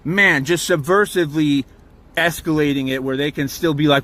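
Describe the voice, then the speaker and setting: A man's voice: a little high, normal speed, fairly bright tone, a little hiss or hum. A man filming on his phone from inside his truck, recounting a dispute in a heated, profane and rambling way, then arguing with officers. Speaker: campground guest filming a confrontation. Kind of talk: agitated first-person recounting and confrontation. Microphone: phone camera.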